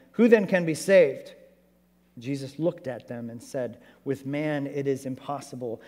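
A man preaching a sermon as pastor, animated and conversational, asking his church many rhetorical questions. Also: medium pitch, in a large hall.

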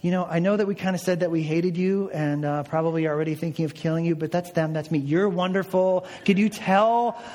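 A preacher doing a fawning, flattering religious leader. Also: male voice, sits high, quick pace, natural voice. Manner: wheedling, flattering. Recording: reverberant hall.

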